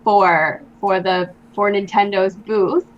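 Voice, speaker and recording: A woman's voice: medium pitch, steady tone, slow pace, lo-fi sound. A young woman guest in an interview, chatting casually and telling stories with many fillers. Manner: chatty storyteller, lots of likes and ums.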